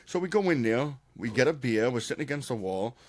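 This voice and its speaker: A man's voice: mid-range voice, brisk. Profane Boston man telling a story. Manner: profane, animated storyteller, frequent restarts. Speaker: podcast co-host. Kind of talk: casual chat, storytelling.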